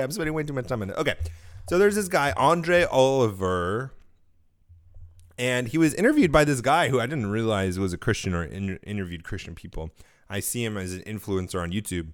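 A man's voice: mid-range voice, no room sound. Man with a dry throat, casual. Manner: casual, thinking aloud, self-correcting. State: getting over a cold, dry throat. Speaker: podcast host. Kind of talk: solo podcast commentary.

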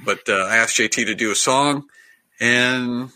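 Bright-voiced man chatting as host. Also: medium pitch, measured pace, clean tone, faint music behind. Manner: chatty, hesitant, laughs often. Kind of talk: casual video call chat.

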